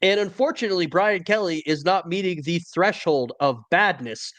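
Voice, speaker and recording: A man's voice: high-pitched, expressive, moderate pace, a bit bright. A man hosting a casual college football podcast, talking in a wry, opinionated way. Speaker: podcast host. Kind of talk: casual sports talk.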